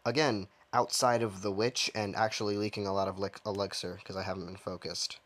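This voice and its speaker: A man giving casual, rambling commentary while he plays a game, mocking himself and thinking out loud from his own dim room. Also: lowish voice, level tone, fairly quick. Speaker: gaming streamer.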